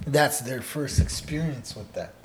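A man's voice: medium pitch, animated, measured pace, slight background noise. Laid-back man who tags lines with "eh". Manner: laid-back, ends phrases with "eh?", turns loud and laughing when telling stories. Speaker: podcast co-host teaching Odawa. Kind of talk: casual conversational chat.

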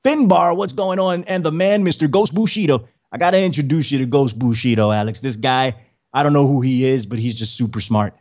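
A man with a mid-range voice hosts a casual livestream podcast, speaking briskly over dull audio. He rambles and repeats words while greeting the chat with friendly shout-outs.

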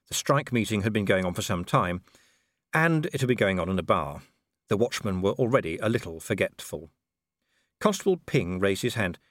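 A man's voice: fairly low pitch, animated, moderate pace, no echo, studio quality. A man narrating an audiobook of a comic fantasy novel in a wry storytelling manner. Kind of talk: scripted narration.

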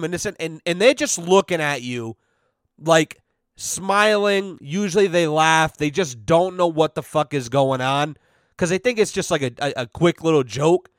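A brash young man spins profane stories on his podcast, acting out both sides of every exchange. His voice sits a bit high for a man, and it comes through close and dry with no room sound. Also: normal speed, dry recording. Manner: brash, animated, heavy swearing, acts out quoted exchanges. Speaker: podcast host. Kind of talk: profane storytelling chat.

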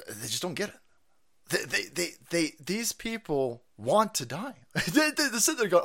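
A male streamer in a furious, profane political rant. His voice swings wildly in pitch, from low grumbles up to sharp yells. The tone is bright and cutting. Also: sing-song, takes it slowly, vocal fry, pauses often. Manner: profane, shouting, sarcastic. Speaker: streamer host. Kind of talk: angry political rant on a livestream.

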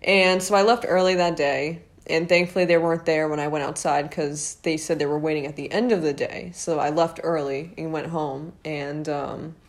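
A young woman telling a personal high school story in a rambling, casual way, full of fillers and little laughs. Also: fairly even intonation, moderate pace, hardly any pauses. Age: young adult.

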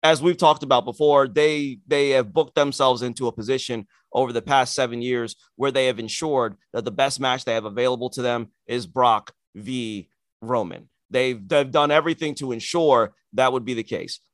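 An opinionated male co-host in casual talk, animated and sarcastic as he argues his point. The sound is dry and close. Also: medium pitch, normal speed, no room sound. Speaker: podcast co-host. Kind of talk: casual wrestling chat.

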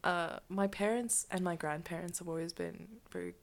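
A woman's voice: lowish voice, very animated, moderate pace. Giggly young woman co-hosting a podcast. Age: young adult. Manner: giggly, laughs often. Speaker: podcast co-host. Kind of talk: casual chat.

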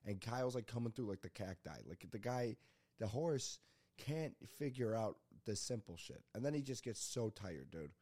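A man's voice: on the low side, expressive, normal speed, dark tone, no echo. A young man hosting a solo comedy podcast, rambling casually and swearing often while mocking himself. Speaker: podcast host.

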